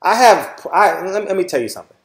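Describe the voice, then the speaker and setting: A blunt, preachy middle-aged man with a Southern Californian accent talks straight to his viewers and swears freely. His voice sits a little high for a man. The room around him rings with echo. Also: lively intonation, quick pace. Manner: repeats "all right?" often. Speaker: channel host. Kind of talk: casual monologue to viewers.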